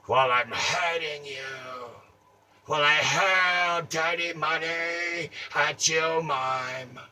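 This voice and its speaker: Theatrical taunting man, bright and distant. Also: on the high side, slow pace. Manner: theatrical, taunting, swings between mutters and shouts. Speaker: comedic performer. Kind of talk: improvised comic monologue. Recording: distant mic, faint ambient noise.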